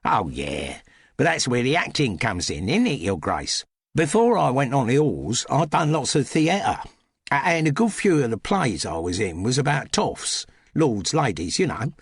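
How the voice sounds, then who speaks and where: A man's voice: mid-range voice, big pitch swings, moderate pace, slightly rough, no room sound, studio quality, voice pushed up. A man doing a cheeky Cockney housemaid. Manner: cheeky, chatty, practical. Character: cheeky young cockney housemaid, former music-hall player.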